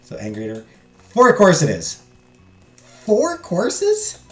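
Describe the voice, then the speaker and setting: A man's voice: fairly low pitch, wildly swooping pitch, moderate pace, fairly bright tone. A young man joking around as he plays a story game and reads its text aloud. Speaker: gaming streamer. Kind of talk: let's play commentary. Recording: echoey room, faint music.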